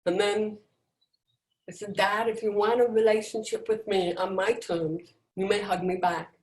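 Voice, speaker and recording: A middle-aged woman giving a personal motivational talk, emphatic and dramatic, with deliberate pauses, over a video call. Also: medium pitch, fairly even intonation. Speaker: motivational speaker. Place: indoors, at home on a video call. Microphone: video call microphone. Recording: roomy echo.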